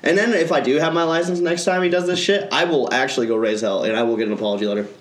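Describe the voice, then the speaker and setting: A man's voice: a little high, fairly even intonation, rapid-fire, echoey room. A man hosting a casual podcast, telling a story in a profane, ranting way. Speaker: podcast co-host.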